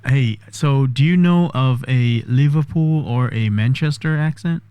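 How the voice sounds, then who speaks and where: A man testing an AI voice assistant, chatty and quick to interrupt, with a few voice-over comments. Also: medium pitch, mellow, clear, resonant tone, dry recording. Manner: chatty, interrupts often, laughs easily. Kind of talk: casual talk with an AI and voice-over commentary.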